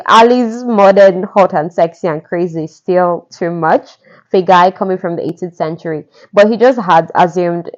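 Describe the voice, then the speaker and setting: A woman with a fairly low voice retells a romance novel in a casual, chatty way, full of asides to the listener. The recording sounds dull and lo-fi. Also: moderate pace. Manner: gushing, conversational, asides to the listener. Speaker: podcast narrator retelling a novel.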